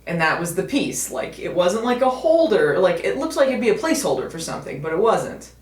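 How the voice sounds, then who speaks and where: A woman's voice: medium pitch, big pitch swings, brisk. An American woman casually and wryly chatting to camera in a vlog, with many fillers. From United States. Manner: chatty, wry, lots of fillers. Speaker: video host. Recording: echoey room.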